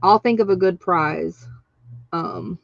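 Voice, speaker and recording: A woman hosting a casual craft livestream, chatty and excitable, laughing often and reading out viewer names. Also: on the low side, slow, creaky, no room sound. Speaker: craft channel host. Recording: dry, dull lo-fi sound.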